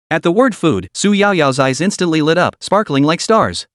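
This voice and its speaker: Lively male story narrator. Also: fairly high pitch, normal speed, few pauses, no echo, studio quality.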